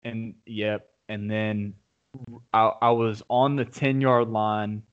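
A man in casual sports talk, telling a game story with excited, rambling restarts. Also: lowish voice, takes it slowly, smooth. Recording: dull lo-fi audio.

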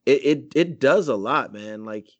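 A man's voice: medium pitch, expressive, measured pace, muffled recording. A man co-hosting a casual podcast chat, talking emphatically in slang about a TV episode and agreeing often. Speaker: podcast co-host.

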